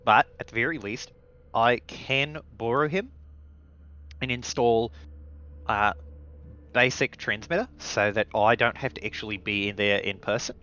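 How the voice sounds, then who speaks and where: A man's voice: medium pitch, a little slow, pauses often, sharp tone, highs cut off. A man voicing a nervous, earnest young hacker who rambles and hesitates, in a tabletop game. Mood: explaining.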